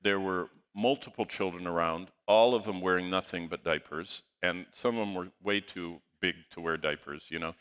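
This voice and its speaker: Low-voiced preacher man with a bright edge. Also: moderate pace, hardly any pauses, clean tone. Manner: animated anecdote, quotes dialogue in lively voices. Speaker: pastor. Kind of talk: sermon storytelling.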